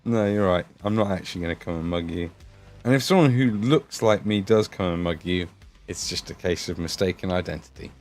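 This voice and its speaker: A man's voice: sits low, brisk, a little mellow. A man with an English Midlands accent, hosting a casual livestream while painting miniatures, chatting, swearing and laughing as he reads the chat. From England.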